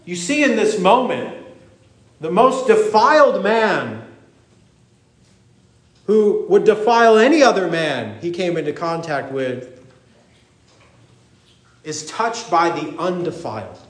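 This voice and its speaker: High-voiced man preaching in echoey church. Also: slow, pauses often. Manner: animated preaching, acting out voices in the story. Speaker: pastor. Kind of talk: sermon. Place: church sanctuary.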